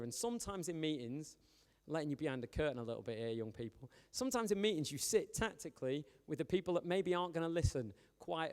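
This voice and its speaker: Chatty youth pastor in a hall. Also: male voice, on the high side. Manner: chatty, animated, joking with the young audience. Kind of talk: informal storytelling sermon. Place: church hall. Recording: long hall reverb.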